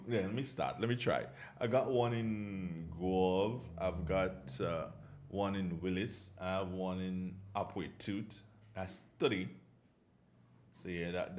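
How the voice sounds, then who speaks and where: A man with a Grenadian accent hosting a morning radio show, chatting casually, rambling and correcting himself as he goes. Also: lowish voice. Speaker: radio host. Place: radio studio.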